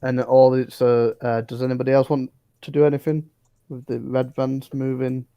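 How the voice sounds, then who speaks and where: A male game master narrating a tabletop session in a casual, hesitant way. His voice is mid-pitched, dry and close. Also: level tone, normal speed, clean tone, dry recording, lo-fi sound.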